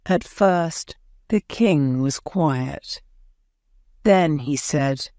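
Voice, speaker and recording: A woman reads an audiobook story in a low voice, pacing each phrase very slowly and clearly. Her careful, steady reading suits English learners. The sound is close and dry, recorded on a close mic. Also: no echo. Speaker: audiobook narrator. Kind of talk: graded-reader story narration for English learners.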